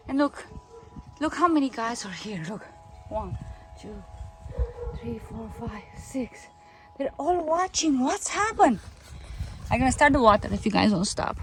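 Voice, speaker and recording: A woman's voice: fairly high pitch, lively intonation, unhurried, long pauses, a little hiss or hum. A woman vlogging in her garden, coaxing and scolding her cats in casual chat. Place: garden outdoors.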